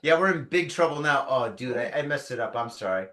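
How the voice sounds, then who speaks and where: A man's voice: medium pitch, animated, a little fast, bright, forceful tone, a little hiss or hum. A man hosting a casual live beer tasting show, chatting loosely and telling jokey stories. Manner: loose, joking storyteller who puts on voices for anecdotes. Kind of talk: casual chat. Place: living in Japan. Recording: roomy echo.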